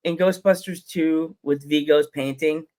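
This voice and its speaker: A man's voice: fairly high pitch, steady tone, darkish tone. Rambling male podcast host. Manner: rambling, quick self-corrections, laughs often. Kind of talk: casual podcast chat.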